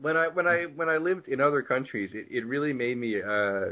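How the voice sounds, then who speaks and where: A man's voice: mid-range voice, fairly quick. A man from the United States co-hosting a podcast in an easygoing, stammering way. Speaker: podcast co-host. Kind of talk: casual podcast chat. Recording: dull lo-fi.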